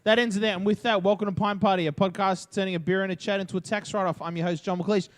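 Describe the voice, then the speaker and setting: Male host, light high voice, bantering and upbeat intro. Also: fairly even intonation, fast. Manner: teasing banter, then scripted show intro. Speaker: podcast host. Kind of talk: casual chat.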